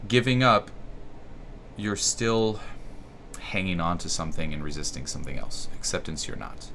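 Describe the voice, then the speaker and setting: A man's voice: low-pitched, a bit bright, slight background noise. A man whose first language is French talks casually about self-help, loosely and with lots of swearing. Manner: loose and profane, with a slight halting quality. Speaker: YouTube host.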